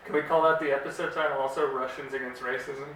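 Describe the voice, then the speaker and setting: A man's voice: medium pitch, little pitch movement, quick pace, pushed and bright. Young male co-host, teasing and jokey, heavy room echo, mic set back. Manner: playful, teasing, loosely jokey. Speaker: podcast co-host. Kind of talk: casual comedy podcast chat. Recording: very echoey room, distant mic, faint hiss.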